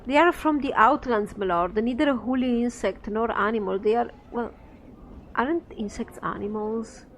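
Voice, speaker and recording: A woman voicing an eager male merchant who pitches his pets like a salesman. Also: normal speed, slight background noise, lightly acted. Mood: salesy. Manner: salesman-like, confiding. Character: eager male pet merchant selling creatures.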